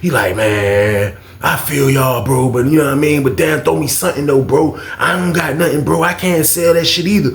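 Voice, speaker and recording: A man's voice: on the high side, normal speed, creaky, few pauses, roomy sound, slight background noise. A man casually retelling a prison story in slangy speech, acting out the other people's voices as he goes.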